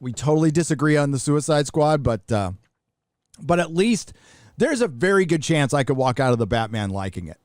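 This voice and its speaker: A man's voice: on the high side, expressive, moderate pace, a little mellow, dry recording, studio quality. A middle-aged man from the United States hosting a live show, talking bluntly and casually with profanity and frequent restarts. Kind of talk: casual livestream commentary.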